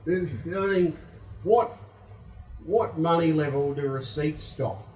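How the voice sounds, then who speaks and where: A young Australian man rambles through a stand-up set, sweary and self-mocking, his voice sitting a touch high for a man. He sounds set back from the mic in an echoey room. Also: unhurried, a little mellow, distant mic. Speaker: stand-up comedian. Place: comedy venue with live audience.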